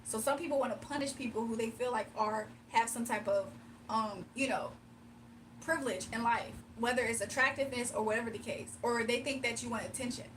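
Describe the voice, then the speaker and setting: A woman's voice: on the high side, fairly quick, a bit bright, far from the mic, slight background noise. A young woman hosting a casual livestream, reading viewer comments aloud, teasing them and laughing often. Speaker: livestream host.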